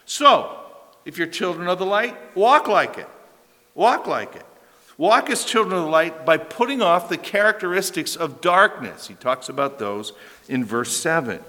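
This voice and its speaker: A man's voice: on the high side, animated, normal speed, pushed and bright. A man preaching an expository sermon as pastor, emphatic and repeating key phrases for stress, recorded in a church hall.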